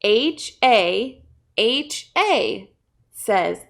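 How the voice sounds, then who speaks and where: Lively high-voiced woman reading a story. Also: slow pace. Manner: playful, with big shouted exclamations. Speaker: children's librarian. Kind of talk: reading a picture book aloud to children.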